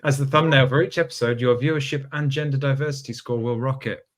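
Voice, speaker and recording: Man haltingly reading listener questions. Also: medium pitch, steady tone. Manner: halting, stumbles over names. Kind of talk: reading questions aloud on a podcast.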